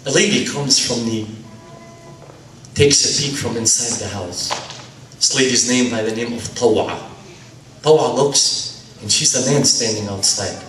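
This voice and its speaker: A man's voice: mid-range voice, measured pace, long pauses, fairly bright tone, slight background noise. A man lecturing in a sermon, narrating a story dramatically and acting out the dialogue himself. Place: lecture hall. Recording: roomy, distant mic.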